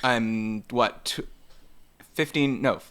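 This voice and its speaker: A man's voice: mid-range voice, slow pace, fairly bright tone, clean tone. A middle-aged man co-hosting a podcast, chatting casually, joking at his own expense and laughing often. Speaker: podcast co-host. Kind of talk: casual chat.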